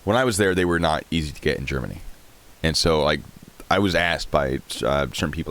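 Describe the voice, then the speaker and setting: Low-voiced rambling male streamer. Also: brisk, fairly bright tone. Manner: rambling, answers chat questions. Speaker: live-stream host. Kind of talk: casual live-stream chat.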